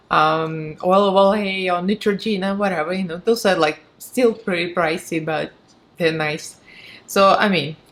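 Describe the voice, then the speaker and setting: A woman's voice: on the low side, a bit bright. A woman with a Russian accent giving a chatty, frank and sarcastic product review, laughing often. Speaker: beauty vlogger.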